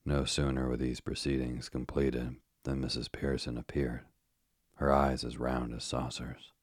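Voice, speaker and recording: Very deep, husky sleep-story narrator. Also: male voice, dry recording, studio quality. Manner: calm, even and unhurried.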